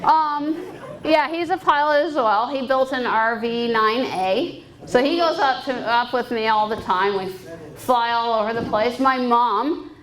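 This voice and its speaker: A woman's voice: a little high, measured pace, fairly bright tone, rough recording. Upbeat woman giving a banquet talk. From Canada. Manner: candid and upbeat, laughs often. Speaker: guest speaker and private pilot. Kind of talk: personal talk at a fundraising banquet. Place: banquet hall.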